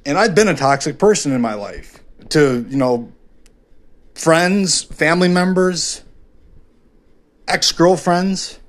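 A man's voice: fairly high pitch, slow, pauses often. A man hosting his own podcast, talking alone in a frank, rambling way with constant swearing and fillers, often mocking himself. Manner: self-deprecating and frank. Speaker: podcast host. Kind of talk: confessional solo podcast monologue.

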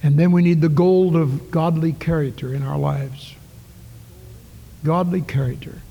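Earnest preacher in a reverberant church. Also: male voice, a little high, steady tone, measured pace, creaky, dull audio. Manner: earnest storytelling, rising to calls then dropping to near whispers. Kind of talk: sermon. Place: church sanctuary.

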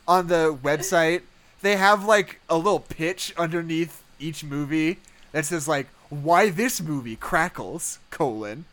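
A woman's voice: low-pitched, a little slow, fairly bright tone, slight background noise. A woman in casual conversation about a movie, chatty and full of fillers, laughing easily. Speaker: podcast co-host. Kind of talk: casual movie review chat.

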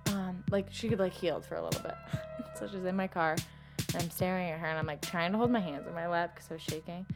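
A young woman telling her own story in casual chat, filling nearly every phrase with "like" and swinging between loud and hushed. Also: on the low side, steady tone, quick pace, music in the background.

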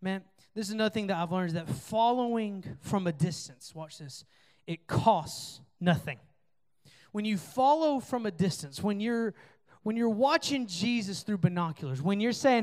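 A young man with a high-pitched voice delivers a youth sermon. He talks earnestly and casually, filling his speech with asides and restarts as he addresses the students directly. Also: animated, unhurried, a little mellow. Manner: earnest, conversational preaching with many fillers. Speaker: youth pastor.

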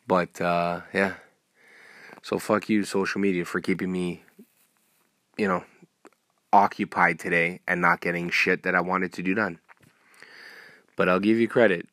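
A man hosting a solo podcast, ranting in a profane, rambling way with sudden loud outbursts. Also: low-pitched, no echo, studio quality. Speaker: podcast host.

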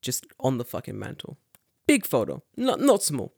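A young man spins a story in casual chat, swearing freely and doubling back on his own words. His voice sits at an everyday middle pitch. It is recorded dry, with no room sound. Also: moderate pace, gravelly, husky, no room sound. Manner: profane, animated, repeats words. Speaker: podcast storyteller.

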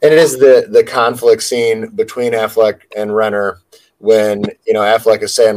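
A man's voice: on the low side, level tone, normal speed, darkish tone, rough recording. A man co-hosting a casual film podcast, speaking earnestly and often restarting his sentences. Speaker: podcast co-host. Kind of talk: casual movie discussion.

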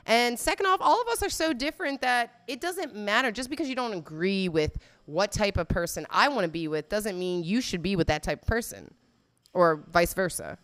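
A woman's voice: mid-range voice, lively intonation, normal speed, fairly bright tone. A woman giving casual, blunt and profane commentary, laughing often as she reacts to a video.

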